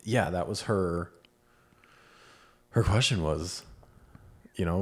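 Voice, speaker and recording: A man with a somewhat low voice co-hosting a podcast. He tells stories frankly and plainly, replaying whole conversations and swearing casually along the way. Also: slow, pauses often, breathy edge. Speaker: podcast co-host. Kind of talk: casual storytelling chat.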